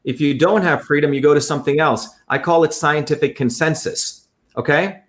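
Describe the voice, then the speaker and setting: A man guesting on an interview, earnest and lecturing as he explains his ideas step by step. His voice sits a little high for a man, and he tends to repeat phrases as he builds a point. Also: moderate pace.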